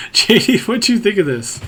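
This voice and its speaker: A man hosting a podcast, recapping a movie scene by scene and acting out the quotes in lively voices. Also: high voice. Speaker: podcast host.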